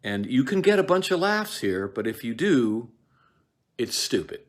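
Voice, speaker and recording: Very animated and mid-range in pitch, this man is an actor giving a loose lecture on a Shakespeare play. He wanders off on tangents, stumbles through fillers and restarts, and snaps into quick quoted voices to perform lines.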